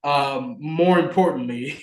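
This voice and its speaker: A young man co-hosting a podcast, telling a story in a lively way with many fillers. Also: fairly high pitch, takes it slowly, roomy sound, poor audio. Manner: animated, filler-heavy storytelling. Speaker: podcast co-host. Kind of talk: casual storytelling chat.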